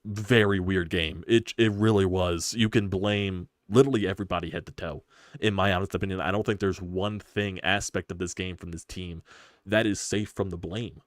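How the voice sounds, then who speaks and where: A man hosting a live sports stream, ranting in frustration with rapid-fire rhetorical questions and profanity. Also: sits low, steady tone, dry recording, clean studio sound. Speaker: sports channel host.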